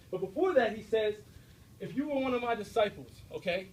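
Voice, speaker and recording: A young man with a high voice delivers a live faith talk to a student audience in a university room. He speaks with direct, preachy energy and keeps checking in with the crowd. A faint room hum sits behind him. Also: lively intonation, a little fast, darkish tone, poor audio. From United States.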